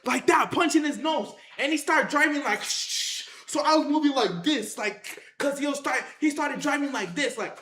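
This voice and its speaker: An animated storyteller telling a wild story to camera in casual slang, acting out scenes with sound effects, repeated phrases and shouted lines. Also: sits high, normal speed, hardly any pauses, roomy sound.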